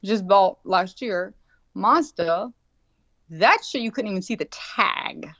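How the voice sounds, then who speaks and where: A woman's voice: medium pitch, slow, no room sound. A woman in her forties telling a rambling story with lots of swearing, acting out what everyone said. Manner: profane, animated, acts out quotes. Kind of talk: casual storytelling. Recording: dull, dry lo-fi sound.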